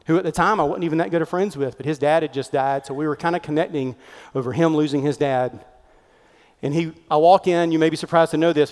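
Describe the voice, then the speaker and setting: Animated pastor in reverberant hall. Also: male voice, a little high. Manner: animated, conversational, acts out quoted voices. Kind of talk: sermon storytelling.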